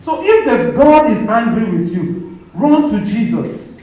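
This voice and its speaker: High-voiced priest in an echoey church. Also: male voice, very animated, unhurried, mellow, recorded from a distance. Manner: call-and-response questioning of the congregation. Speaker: Catholic priest. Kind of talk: sermon.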